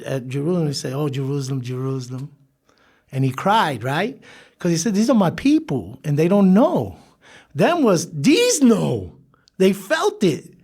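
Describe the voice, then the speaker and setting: A man as a podcast guest, telling his life story in an animated way, laughing and acting out the people he quotes. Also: fairly high pitch, creaky, breathy edge. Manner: animated, laughs through stories, acts out quoted voices. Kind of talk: storytelling interview.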